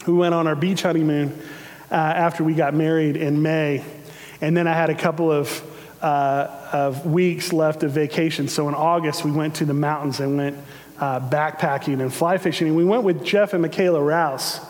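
A man's voice: on the high side, fairly even intonation, moderate pace, darkish tone. A man preaching a sermon in an earnest, conversational way, with some fillers. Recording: long hall reverb.

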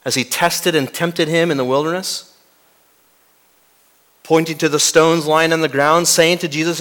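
Pastor delivering a sermon, dramatic, voice falling to a near hush, fairly high-pitched man. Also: steady tone, measured pace, pauses often. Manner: dramatic, swinging from loud to hushed; rhetorical questions to the congregation.

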